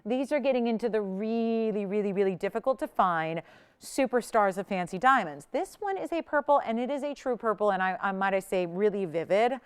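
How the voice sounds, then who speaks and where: A woman's voice: medium pitch, expressive, fairly quick, clean tone. A woman hosting a live jewelry shopping show, chatty and enthusiastic, laughing often as she sells.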